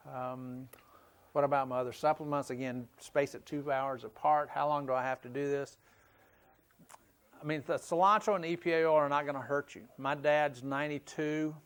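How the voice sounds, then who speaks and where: Folksy middle-aged man lecturing. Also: medium pitch. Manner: folksy, anecdotal, conversational. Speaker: conference speaker. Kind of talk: conference lecture with slides. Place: conference hall.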